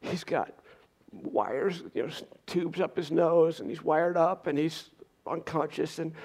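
A middle-aged man recounts a personal ordeal to an audience with earnest urgency. His voice sits somewhat high for a man, and the telling is intense and heartfelt. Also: slow, a little mellow. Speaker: speaker giving a personal testimony. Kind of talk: emotional storytelling to an audience.

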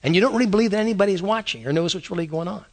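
A man's voice: high-pitched, rapid-fire. A man preaching a conversational sermon, asking his listeners many rhetorical questions. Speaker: pastor.

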